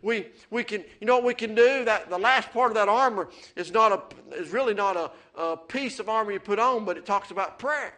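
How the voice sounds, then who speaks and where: Male pastor, high and bright, folksy preaching that builds to excitement. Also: brisk, hardly any pauses. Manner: folksy storytelling, rising to excited preaching with amens. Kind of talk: sermon.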